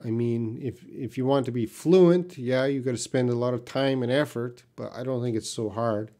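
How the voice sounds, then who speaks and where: A man from Canada teaches English on a live stream, speaking at an ordinary middle pitch. He reads viewer questions aloud and answers plainly, sometimes with blunt emphasis. His voice is picked up by a computer mic. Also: moderate pace, mellow.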